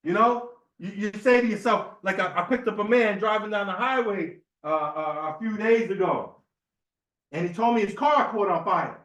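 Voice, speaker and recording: Man, temple speaker, high voice, loose storytelling sermon, roomy hall sound. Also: moderate pace, fairly bright tone. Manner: conversational, storytelling, asks the room "right?". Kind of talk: informal sermon talk.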